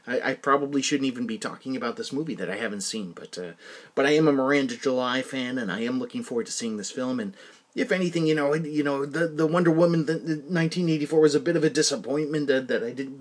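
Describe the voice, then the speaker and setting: A man's voice: mid-range voice, fast. Rambling man telling a story. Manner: rambling, self-correcting anecdotes. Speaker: podcast host. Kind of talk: casual solo podcast storytelling.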